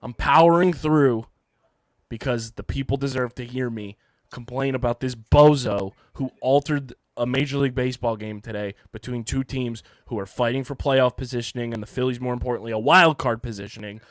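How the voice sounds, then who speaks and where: Hoarse man hosting a sports podcast. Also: mid-range voice, a little fast, no room sound, studio quality. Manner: ranting, self-mocking banter. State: hoarse, partly lost voice. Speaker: podcast host. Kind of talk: casual sports podcast talk. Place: home studio.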